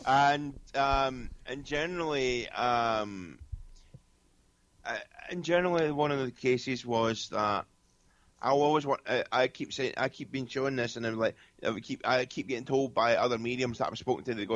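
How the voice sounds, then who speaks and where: A man's voice: mid-range voice, normal speed, fairly bright tone, dry recording. Rambling Scottish man, dull lo-fi sound. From Scotland. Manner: rambling storyteller with many restarts and fillers. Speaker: guest medium. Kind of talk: casual podcast chat.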